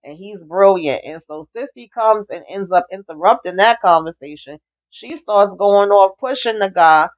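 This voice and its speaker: A woman with a medium-pitched voice and lively intonation recaps a TV episode at a normal speed. Chatty and casual, she acts out the characters' lines while retelling each scene. The recording sounds dull and lo-fi.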